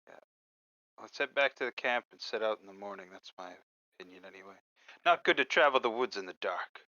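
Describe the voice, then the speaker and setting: A man's voice: lowish voice, a little fast, no room sound, lo-fi sound. A man playing a tabletop game, joking and bantering with the group. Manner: jokey, animated banter. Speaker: player. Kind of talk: in-character tabletop play.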